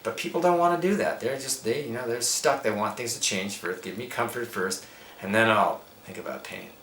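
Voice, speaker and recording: A man's voice: medium pitch, animated, a little fast, a bit bright. A middle-aged man, a yoga teacher, giving emphatic, preachy spiritual advice in an interview, laying out his points one by one. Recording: echoey room with faint background noise.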